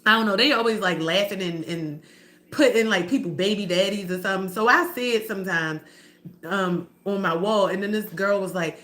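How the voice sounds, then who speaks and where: A woman's voice: medium pitch, normal speed, a bit bright. A middle-aged woman livestreaming to her viewers, talking candidly and emotionally in a rambling, slangy, profane way. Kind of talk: casual livestream talk to viewers.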